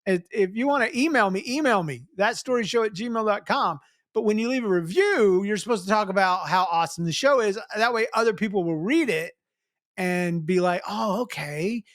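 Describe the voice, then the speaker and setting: A man's voice: high voice, lively intonation, brisk, a bit bright, dry recording, studio quality. A man hosting a podcast, chatty and teasing in casual comedic talk. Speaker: podcast host.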